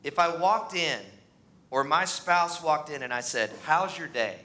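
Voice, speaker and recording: A pastor in his thirties preaching a sermon in a church, animated and acting out the voices of the people in his stories. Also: a little slow. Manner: animated, acts out voices, pitch rises on mocking lines. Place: church sanctuary.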